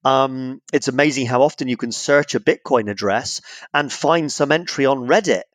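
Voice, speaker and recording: A man's voice: mid-range voice, moderate pace, no room sound. A middle-aged English man, a guest author in a casual podcast interview, joking and acting out phone calls in little voices. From Britain.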